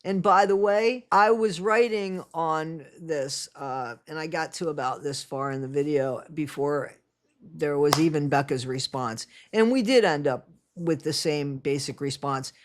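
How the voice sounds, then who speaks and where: A woman's voice: sits low, unhurried. A woman hosting her own channel and giving blunt, sarcastic reaction commentary. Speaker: channel host.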